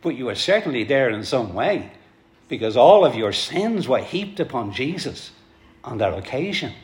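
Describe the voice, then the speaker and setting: A man's voice: mid-range voice, sing-song, normal speed. A man preaching a sermon to his congregation, earnest and pleading, calling them folks. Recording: echoey hall.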